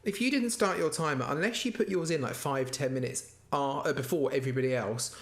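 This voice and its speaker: A man's voice: a little high, a little fast. Jokey man podcast guest. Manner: laughing, lively and jokey storytelling. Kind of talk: casual chat recapping a baking show.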